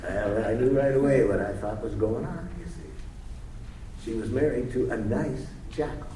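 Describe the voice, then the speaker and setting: A man's voice: mid-range voice, normal speed, mellow. A man leading a communication workshop, teaching through role-play and playful storytelling. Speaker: workshop leader. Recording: roomy hall, distant mic, faint hiss.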